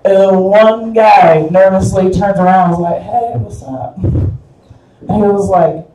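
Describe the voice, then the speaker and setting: A woman's voice: mid-range voice, fairly even intonation, measured pace, mellow, far from the mic, a little hiss or hum. Wry woman comic in an echoey club. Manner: wry, rambling and crude. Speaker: stand-up comedian. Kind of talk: live stand-up storytelling. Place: live comedy club.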